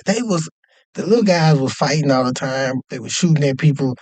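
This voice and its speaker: A man telling a story in a casual, animated and profane way, often checking in with "you know what I mean". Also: a little high, brisk, no echo. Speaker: podcast host telling a story.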